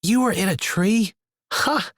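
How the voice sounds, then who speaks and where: A man voicing an excitable, whiny young boy in an audiobook. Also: sits high, a little slow, no room sound, clean studio sound, voice pushed up. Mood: excited. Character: boisterous young boy Vinton.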